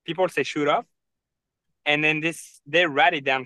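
Bright, crisp French-accented young man. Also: a little high, fairly even intonation, normal speed, no room sound, poor audio. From France. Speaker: podcast guest. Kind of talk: casual interview chat.

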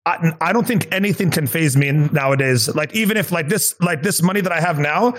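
Rambling man, slightly higher voice. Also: fairly quick, fairly bright tone. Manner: rambling, filler-heavy, earnest. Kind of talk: casual chat.

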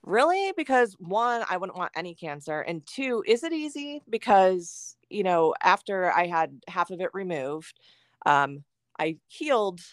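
A woman's voice: lowish voice, lively intonation, unhurried, no echo, studio quality. A middle-aged woman talking candidly as a podcast guest, full of fillers and acting out her own thoughts. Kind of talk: candid conversational chat.

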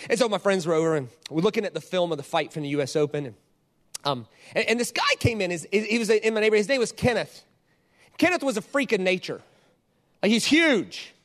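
A man in his forties delivers a lively sermon built around a personal story. His voice sits fairly high and swings widely in pitch as he acts out scenes and quoted lines. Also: fairly quick. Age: 40s. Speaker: pastor.

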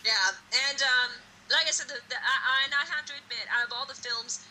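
A woman co-hosting a horror podcast in casual chat, animated and gushing, with some swearing. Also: high-pitched, brisk, poor audio. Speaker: podcast co-host.

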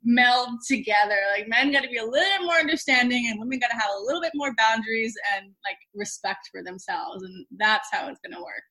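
A woman talking as a relationship coach in a casual chat, quick and chatty with lots of fillers. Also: on the high side, sharp tone.

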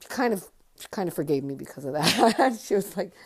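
A woman's voice: lowish voice, animated, brisk, breathy edge. A tired New woman in her fifties telling a memoir story on a podcast, rambling, thinking aloud and swearing freely. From Connecticut. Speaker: podcast host. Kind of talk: casual spoken memoir storytelling.

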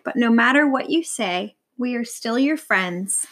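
A woman voicing a kindly old female vulture in a storybook reading, speaking calmly and softly. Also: a little high, measured pace, background noise. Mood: gentle.

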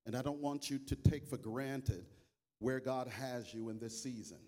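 Drawing out long high notes, a bishop with a dark-toned male voice sings worship and guides his congregation through call and response, followed by a sermon. The recording comes from a live church mic with music in the background.

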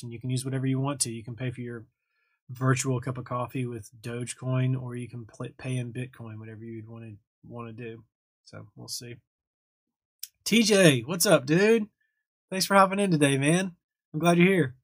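A man's voice: mid-range voice, dry recording. A young man casually hosting a livestream, chatting loosely and thanking viewers as he reads their comments. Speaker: livestream host answering chat. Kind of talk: casual live chat.

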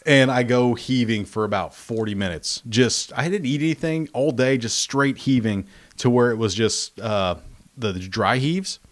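A man hosting a livestream from home, telling a rambling story with animated, acted-out quotes in casual chat. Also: medium pitch, normal speed. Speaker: livestream host. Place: home, spare bathroom.

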